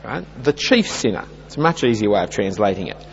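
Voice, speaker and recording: Animated preacher in a reverberant hall. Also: male voice, on the low side, fast talker, gravelly. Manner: earnest, emphatic build-ups with lively rises and falls. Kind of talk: expository sermon. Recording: dull sound with long hall reverb and faint hum.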